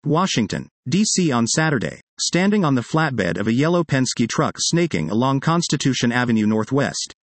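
A man reading an opinion article aloud in a steady, measured way. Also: medium pitch, no room sound. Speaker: article reader.

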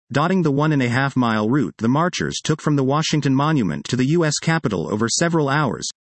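A man reading an opinion article aloud in a steady, measured way. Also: mid-range voice, dry recording. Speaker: article reader.

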